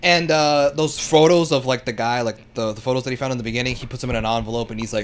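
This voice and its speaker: Male podcast co-host, mid pitch, relaxed plot-recapper, faint background noise. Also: fast talker, few pauses. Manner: steady, walks through plot step by step. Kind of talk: casual recap chat.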